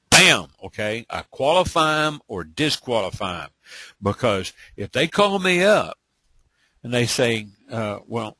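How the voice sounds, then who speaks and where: A man's voice: fairly low pitch, fairly bright tone, husky, no room sound. A man giving a live webinar training, blunt and emphatic, speaking in bursts and checking in with frequent "okay?". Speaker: online business trainer.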